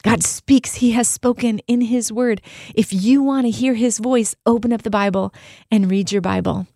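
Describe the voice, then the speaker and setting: A woman's voice: on the high side, fairly even intonation, moderate pace, warm tone, dry recording, studio quality. A woman co-hosting a faith podcast, teaching in an upbeat, emphatic way and telling stories as she goes. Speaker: podcast co-host.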